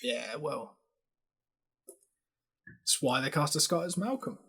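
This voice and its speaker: A man with a somewhat husky voice, pitched fairly high for a man and very lively in its rise and fall. He giggles between lines, swears freely and slips into mock rants. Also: takes it slowly. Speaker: podcast co-host. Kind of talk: casual chat.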